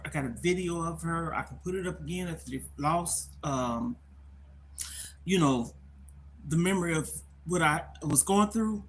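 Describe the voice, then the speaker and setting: Candidly talking on a phone livestream, a middle-aged woman sounds worried and close to tears. She rambles and repeats herself, and her voice sits low.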